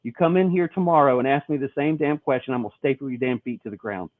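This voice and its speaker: A man voicing an irritated male grocery store clerk in a joke, speaking gruffly and threateningly. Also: medium pitch, quick pace, dry recording, natural voice. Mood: annoyed. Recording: tinny lo-fi phone-like sound.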